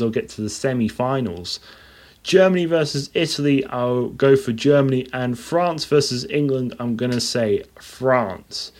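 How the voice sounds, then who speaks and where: Casual man hosting a football podcast. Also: medium pitch. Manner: casual, listing teams in a steady rundown. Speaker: podcast host. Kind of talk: solo football podcast predictions.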